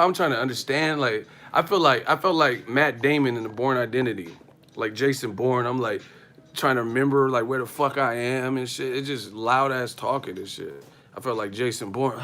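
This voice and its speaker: Bright-voiced man ranting on a livestream. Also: mid-range voice, a little fast. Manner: profane, animated storytelling with frequent laughter. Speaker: boxing livestream host. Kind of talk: casual livestream rant.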